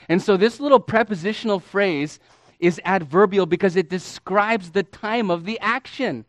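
A man preaching a sermon as a pastor, teaching with deliberate emphasis and stretching key words, calling his listeners beloved and friends. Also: high voice, animated, dry recording.

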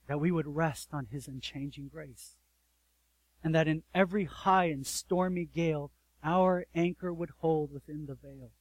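A man preaching a sermon in an earnest way, swelling loud and dropping soft, and asking his listeners direct rhetorical questions. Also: high voice, no room sound, rough recording. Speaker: pastor.

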